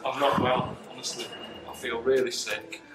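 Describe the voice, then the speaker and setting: A man giving deadpan, complaining travel commentary, sounding weary and self-deprecating. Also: mid-range voice, normal speed, loud music behind the voice, rough recording. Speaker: travel show subject.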